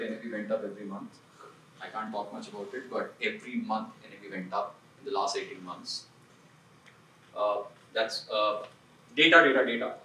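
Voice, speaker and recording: A man's voice: mid-range voice, a bit bright, roomy sound, recorded from a distance, slight background noise, low-quality recording. A man who leads an investment firm gives a seminar talk in a punchy, conversational way, often throwing rhetorical questions at the audience. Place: seminar room.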